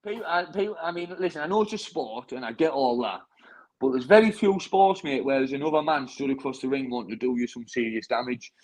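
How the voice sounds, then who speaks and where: After a bout, a young British bare-knuckle fighter rambles in conversation, restarting frequently and using "mate" in every sentence. His medium-pitched voice is a little mellow and fairly quick. The recording quality is low.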